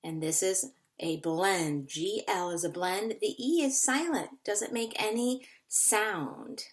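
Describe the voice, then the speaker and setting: A woman's voice: medium pitch, takes it slowly. A woman teaching a phonics lesson to young children, patiently repeating words to sound them out.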